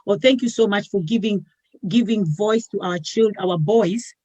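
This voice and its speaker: A woman's voice: medium pitch, moderate pace, warm tone, dry recording, dull audio. A woman hosting a talk show, speaking earnestly and repeating words as she builds her point.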